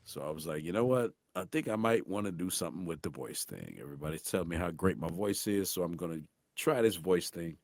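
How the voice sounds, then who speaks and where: A middle-aged man from St. Louis with a deep voice, telling animated stories as a guest voice actor in a casual interview. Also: fairly quick, few pauses, no echo, clean studio sound. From St. Louis, USA. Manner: animated, acts out voices in anecdotes.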